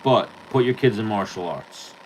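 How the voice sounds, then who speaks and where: Lower-voiced man swearing through a story. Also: expressive, normal speed, darkish tone, a little hiss or hum, low-quality recording. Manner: profane, rambling storyteller. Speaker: podcast host. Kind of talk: casual storytelling chat.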